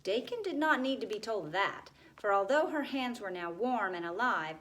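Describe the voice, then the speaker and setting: A woman reading a children's chapter book aloud in a steady, expressive way. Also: medium pitch, normal speed, hardly any pauses, poor audio. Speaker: narrator.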